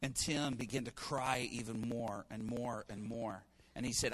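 A man preaching a sermon, telling a story in an animated way and acting out the people in it. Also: mid-range voice, normal speed, hardly any pauses. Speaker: guest preacher.

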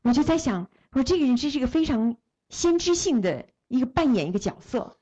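A woman's voice: sits high, expressive, fast talker, mellow, breathy edge, lo-fi sound. Female interpreter relaying a sermon. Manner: follows the speaker phrase by phrase, with restarts.

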